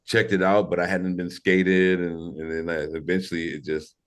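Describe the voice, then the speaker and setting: A man's voice: deep voice, flat delivery, moderate pace. A man in his forties from St. Louis, telling stories as a podcast guest in a laid-back, slangy, rambling way. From St. Louis, Missouri. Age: 40s. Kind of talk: casual interview storytelling.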